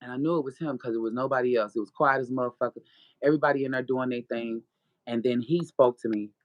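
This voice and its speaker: A woman, a podcast guest and author, telling an animated, profane story of her faith. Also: rumbling low, fast, no room sound, muffled recording. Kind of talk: casual testimony.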